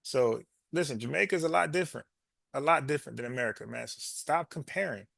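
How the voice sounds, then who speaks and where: A man hosting a reaction video, blunt and animated as he answers back at the footage. His voice is bright and forceful, recorded dry and close. He never lets a point slide. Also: mid-range voice, fast talker, gravelly, no echo. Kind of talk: casual reaction commentary.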